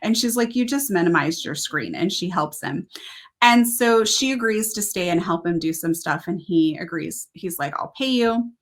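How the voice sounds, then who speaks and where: A woman's voice: on the low side, animated, normal speed. A woman co-hosting a book review show, casually retelling a story with lots of "like" asides. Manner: retelling a plot with "like" and "he's like" asides. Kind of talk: casual chat.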